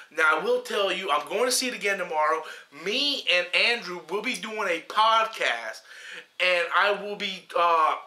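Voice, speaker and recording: Heated male reviewer, high piercing voice, swears constantly, echoey room. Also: pushed and bright. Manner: heated, emphatic, swears a lot. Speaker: film reviewer. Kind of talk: profane ranting film review.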